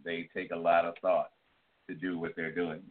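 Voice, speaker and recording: A man's voice: low-pitched, little pitch movement, moderate pace. A man co-hosting a casual chat show, rambling and earnest. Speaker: co-host. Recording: tinny phone-like line.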